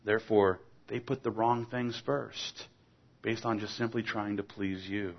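A man's voice: fairly low pitch, steady tone, measured pace. Man preaching, earnest, exhorting, dull lo-fi recording. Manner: earnest, exhorting, rhetorical questions. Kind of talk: sermon.

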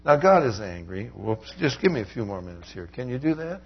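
A man preaching a Bible sermon, animated, swinging from loud emphatic lines down to quiet asides. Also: medium pitch, a little fast, husky, lo-fi sound.

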